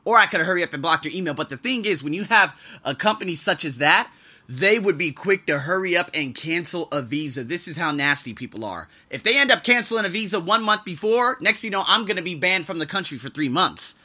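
A man's voice: high-pitched, animated, a little fast, sharp tone. A man hosting a casual podcast monologue, ranting bluntly about his job and swearing freely. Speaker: podcast host and English teacher. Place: living and working abroad.

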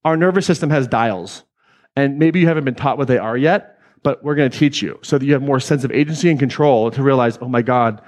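Man, energetic seminar speaker, slightly high voice, joking, swears freely. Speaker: speaker at a live self-help event. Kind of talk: live seminar talk. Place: event hall with audience.

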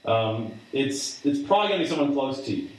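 A man's voice: medium pitch, animated, brisk. A man delivers a sermon in an easy, conversational way, stopping and restarting often with fillers. His voice sits in the middle range and comes from some distance from the mic. The sound carries heavy echo from a large room. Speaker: preacher. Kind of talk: sermon to a student group. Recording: echoey hall from a distance.

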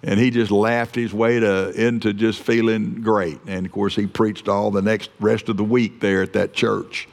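A low, gravelly man preaches a sermon with earnest urgency. He often stumbles and restarts his phrases. His voice rings with the long reverb of a church hall. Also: little pitch movement, normal speed, few pauses.

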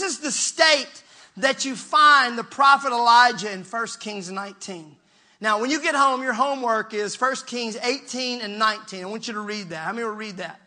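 In the pulpit, a male pastor delivers a lively sermon, moving between quiet asides and shouting while trading jokes with the congregation. His voice is extremely high-pitched at a normal speed, and his throat sounds a bit strained.

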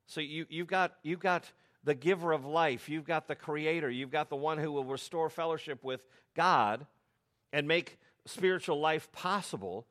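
A middle-aged man from the United States preaching a sermon, telling stories in a conversational way with animated asides. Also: on the high side, moderate pace. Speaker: pastor.

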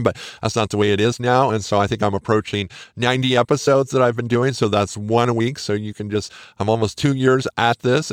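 A man's voice: lowish voice, no echo. Dry-voiced earnest male podcast host. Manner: earnest, encouraging, conversational. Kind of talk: casual solo podcast monologue.

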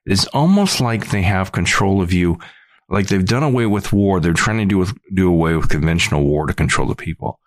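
A man's voice: low-pitched, lively intonation, brisk, no echo. A middle-aged man hosting a podcast, talking in an earnest, rambling monologue full of restarts. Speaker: podcast host.

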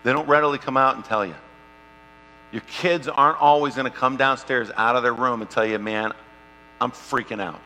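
A man preaching a sermon and telling a personal story, shifting between loud, lively stretches and quiet, hushed ones. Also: medium pitch, moderate pace. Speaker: pastor. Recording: long hall reverb, faint mains hum.

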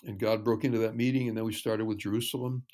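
A man talking as a ministry guest in an interview, earnest and measured, telling stories. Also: on the low side, level tone, a little mellow. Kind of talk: casual interview chat.

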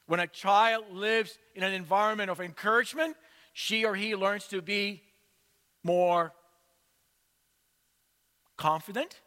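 A male pastor delivering a sermon in slow, measured storytelling, in a church. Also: high-pitched, sharp tone, big-room sound.

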